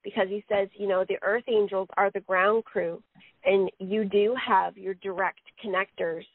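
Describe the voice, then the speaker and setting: A woman medium talks through a narrow, phone-like line with no room sound at all. She rambles on, stringing messages together with "he says" and "you know." Her voice sits at an ordinary middle pitch. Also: fairly even intonation, normal speed, dry recording. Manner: rambling, relays quotes with frequent "he says". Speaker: psychic medium relaying messages. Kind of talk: live radio talk.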